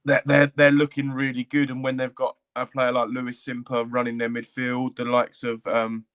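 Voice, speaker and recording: A man's voice: medium pitch, monotone, moderate pace, fairly bright tone. A man co-hosting a football podcast who rambles, repeats words and corrects himself as he talks. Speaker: podcast co-host. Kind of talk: casual football podcast chat.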